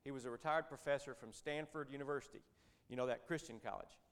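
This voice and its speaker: A man's voice: medium pitch, quick pace, a bit bright, clear, resonant tone. Folksy middle-aged man telling a story. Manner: conversational, folksy, with joking asides. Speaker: Christian businessman speaker. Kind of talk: storytelling church talk.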